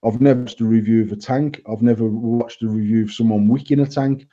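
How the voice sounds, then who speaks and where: A man's voice: medium pitch, fairly even intonation, fairly quick, dark tone, dull audio. A man from England co-hosting a casual chat, blunt and rambling, swearing freely and restarting his sentences. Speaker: vape company owner, co-host.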